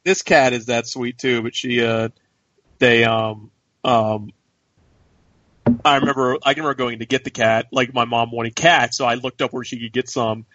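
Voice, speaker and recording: A man's voice: mid-range voice, fairly even intonation, moderate pace, fairly bright tone, no room sound, highs cut off. A man co-hosting a podcast who rambles and jokes, often restarting his sentences in casual chat. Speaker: podcast co-host.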